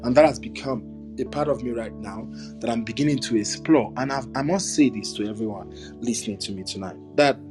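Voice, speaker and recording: A man hosting a discussion, speaking slowly and deliberately with many pauses and ums. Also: mid-range voice, over music. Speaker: host. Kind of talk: hosted discussion.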